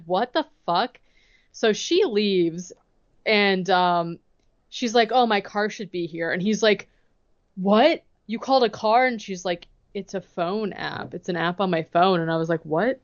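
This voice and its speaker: A woman's voice: medium pitch, moderate pace, no echo, lo-fi sound. Chatty woman recapping a movie on a podcast. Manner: chatty, heavy use of "like", quotes characters and her own reactions. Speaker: podcast co-host. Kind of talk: casual chat recapping a movie.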